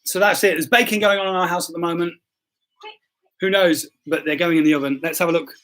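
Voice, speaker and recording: Brief: male pastor hosting a live stream, high voice, jokey, apologetic, bumbling. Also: fairly even intonation, quick pace, fairly bright tone. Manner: jokey and self-deprecating, stumbles and apologizes. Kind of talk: casual livestream chat, reading quiz results.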